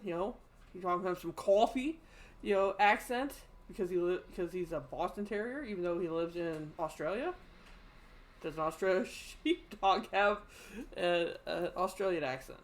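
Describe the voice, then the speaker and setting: A man co-hosting a casual podcast chat, rambling through hypothetical questions with lots of stammered restarts. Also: sits high. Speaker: podcast co-host.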